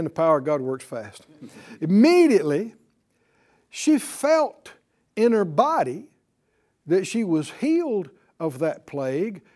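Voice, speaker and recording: A man's voice: high-pitched, dark tone. A man teaching a Bible class in a call-and-response style. He stresses and repeats key words and has the class repeat lines back to him.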